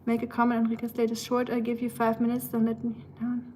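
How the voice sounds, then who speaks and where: A woman's voice: fairly high pitch, completely flat delivery, quick pace, mellow, a little hiss or hum. A woman from Germany with a German accent, chatting casually and rambling with lots of fillers on a livestream. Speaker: live streamer.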